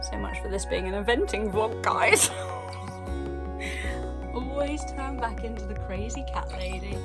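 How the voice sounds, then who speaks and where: A woman's voice: medium pitch, takes it slowly, loud music behind the voice. A woman vlogging casually from her stables, chatting to the camera and cooing baby talk to her animals. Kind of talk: casual vlog chat.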